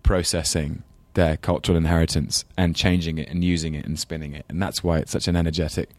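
A man's voice: a bass voice, little pitch movement, quick pace, no echo. A man with a London English accent, a guest actor chatting in a rambling, self-deprecating way. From England. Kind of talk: casual chat.

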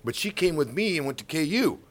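A man's voice: a little high, brisk. A middle-aged man, a baseball color commentator, telling stories in a casual interview and acting out the voices of the people in them. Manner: animated, acts out voices in his stories.

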